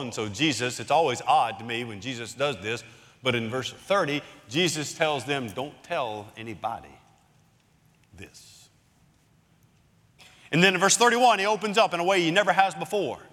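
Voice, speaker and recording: A man preaching a sermon as pastor, walking a congregation through a Bible passage with emphatic pauses. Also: mid-range voice, lively intonation, sharp tone. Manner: expository Bible teaching, emphatic dramatic pauses. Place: church sanctuary. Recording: long hall reverb.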